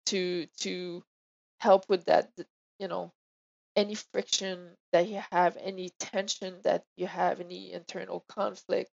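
A woman's voice: on the low side, level tone, unhurried, creaky, darkish tone, muffled recording. A woman with a French accent, a medium speaking as an interview guest in casual, thoughtful chat.

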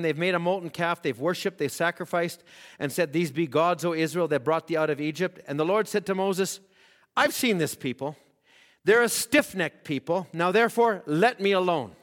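High-voiced preacher with a long echo. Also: male voice, a bit bright. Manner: preaching with rising emphasis, voicing quoted prayers. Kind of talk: sermon.

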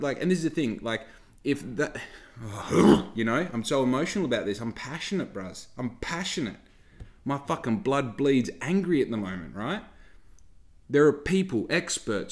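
A man hosts a podcast and rants at his listeners. He swears freely and talks to the audience directly in a loose, heated tone. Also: mid-range voice. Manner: heavy swearing, ranting, talks straight to listeners. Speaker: podcast host. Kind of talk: casual podcast rant.

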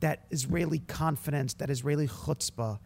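Male co-host and teacher, slightly high, gravelly, animated storyteller, casual. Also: moderate pace, a little hiss or hum. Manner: animated storytelling with acted-out quotes. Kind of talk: casual chat.

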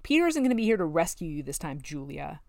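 A woman voicing a spiteful, loud and sneering small-town woman in a storybook. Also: deep voice, sing-song, fast, gravelly, no room sound, clean studio sound, full character voice.

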